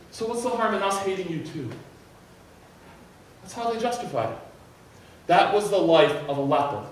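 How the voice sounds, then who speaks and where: A man preaching a sermon in a church, teaching in an animated way and acting out a desperate plea. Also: high voice. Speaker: pastor. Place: church sanctuary. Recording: very echoey hall, mic at a distance.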